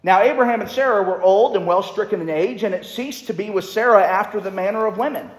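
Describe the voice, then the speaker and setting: A man's voice: high voice, fast talker. A man preaching a sermon in a conversational way, reading scripture aloud. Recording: echoey hall reverb.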